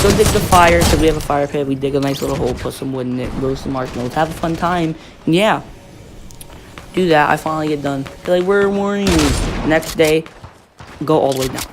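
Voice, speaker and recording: A man's voice: fairly high pitch, noisy background. A teenage boy telling a rambling story-time tale, full of fillers and restarts.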